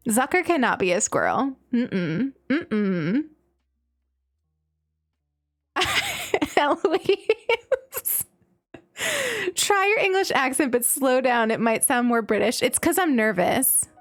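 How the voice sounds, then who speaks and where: A young woman from the US, her voice a little high, streams a game in a studio-quality recording with no echo. Chatty and giggly, she reads chat, talks casually, and tells lively stories full of laughter.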